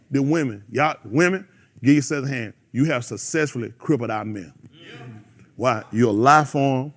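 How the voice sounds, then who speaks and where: A man's voice: medium pitch, normal speed. A man preaching a fiery sermon, calling out members of the congregation by name. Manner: animated, preachy, calls out listeners by name.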